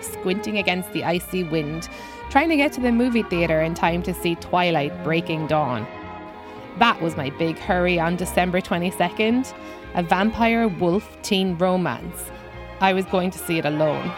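A woman's voice: lowish voice, no room sound. A woman telling a scripted personal story with dry, self-mocking humor.

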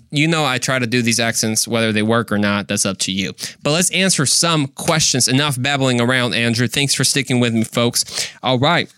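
A man's voice: medium pitch, normal speed, bright, forceful tone, clear, resonant tone, no echo, clean studio sound. A young adult man hosting a faith podcast, earnest and casual, firing off rhetorical questions and slang. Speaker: podcast host.

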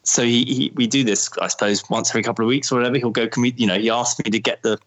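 A man chatting casually at a fast clip. He often stops and restarts his sentences. His pitch sits in a middle range. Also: steady tone. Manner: fast, hesitant, many restarts. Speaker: co-host, father. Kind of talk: casual conversation.

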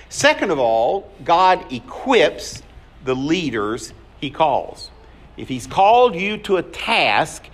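Slow, animated male pastor preaching. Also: on the high side. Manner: storytelling, acts out scripture dialogue. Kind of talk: sermon.

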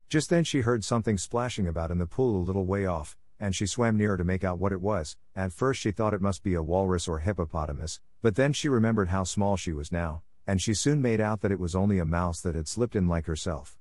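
A man narrating a classic storybook in a steady, clear reading. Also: sits low, fairly quick, hardly any pauses, no echo, studio quality. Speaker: audiobook narrator. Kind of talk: scripted narration.

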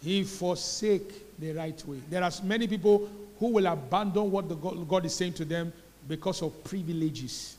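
A Nigerian man preaching a sermon as pastor, repeating key phrases and building to loud emphatic peaks. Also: high voice, moderate pace, big-room sound. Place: church hall.

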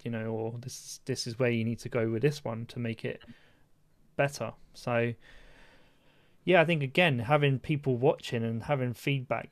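Man in relaxed casual chat, dry sound. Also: medium pitch, dry recording. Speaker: podcast co-host.

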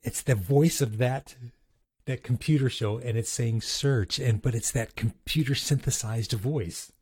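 A man's voice: mid-range voice, a little slow, darkish tone, slightly rough, dry recording, clean studio sound. A man hosting a casual vlog, talking through his recorded audio clips, chuckling often and restarting sentences. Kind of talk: casual chatty commentary.

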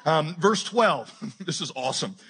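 A man preaching a sermon as pastor, animated and joking as he retells a scripture story. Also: fairly high pitch, a little slow, slightly rough. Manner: animated, jokey retelling with acted-out quotes.

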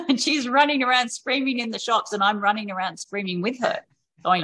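A woman's voice: medium pitch, normal speed, fairly bright tone. A woman speaking as a podcast guest in candid, conversational storytelling, frank and casual, often acting out quoted voices of parents and children.

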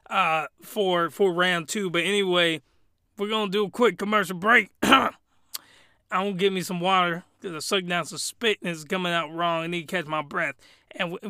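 Male comedic reviewer: smooth, clear voice, bone-dry sound, rambling and exclamatory. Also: high-pitched, pushed and bright, no room sound. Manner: rambling, exclamatory, loose and colloquial. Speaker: anime reviewer.

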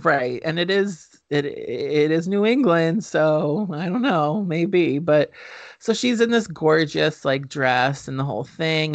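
A man co-hosting a podcast who recaps a film in casual chat, joking and swearing, with lots of fillers. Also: a little high. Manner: profane, joking, filler-heavy storytelling.

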